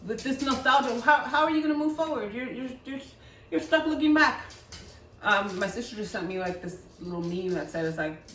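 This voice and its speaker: A woman's voice: on the high side, lively intonation, fairly quick, fairly bright tone. A woman giving a pick-a-card tarot reading, chatty and coaxing, often repeating words and checking in with "right?". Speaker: tarot reader. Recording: echoey room, mic at a distance.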